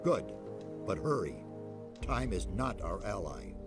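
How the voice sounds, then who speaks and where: An actor playing an elderly mage leader in a game, speaking in a solemn, measured, formal way. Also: male voice, sits low, very animated, music in the background, exaggerated voice. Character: elderly male mage leader, grave and fatherly. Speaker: game character.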